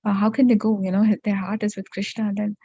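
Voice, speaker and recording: Frightened village folk cry out in anxious, pleading worry, as a woman storyteller puts them on. The voice is husky and mellow, and the sound is dry and dull. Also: medium pitch, level tone, fast, dry recording.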